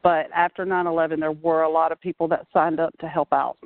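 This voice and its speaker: Woman in her 40s on a phone call, steady earnest storyteller, dry tinny line. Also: low-pitched, a little fast, no echo. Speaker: guest, fire marshal. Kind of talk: casual phone interview. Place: outdoors at a playground.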